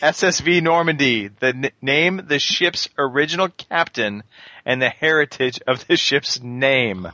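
A man's voice: mid-range voice, measured pace, pushed and bright, no room sound. A man hosting a casual podcast gaming quiz in a playful, mock-formal quizmaster manner. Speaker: quiz host.

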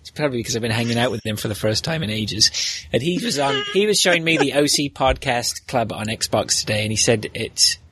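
A man's voice: medium pitch, expressive, fairly quick, a bit bright, slight background noise. A man hosting a casual podcast, chatty and rambling, with frequent fillers and restarts. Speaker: podcast host.

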